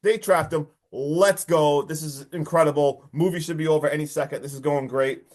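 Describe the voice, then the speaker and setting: A man hosting a podcast, excitedly recapping a horror movie in casual chat and acting out lines from it. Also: on the high side, moderate pace. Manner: excited, swearing, acts out lines from the film. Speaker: podcast host.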